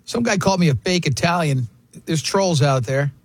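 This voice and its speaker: A man's voice: fairly high pitch, moderate pace, breathy edge, no room sound. A man hosting a sports radio show, chatting casually and telling rambling, self-deprecating stories.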